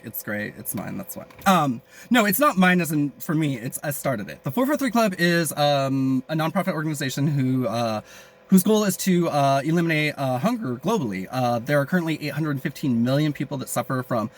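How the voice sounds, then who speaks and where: A man rambling crudely and jokingly in a casual vlog, with many fillers and asides. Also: on the high side. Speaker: vlogger.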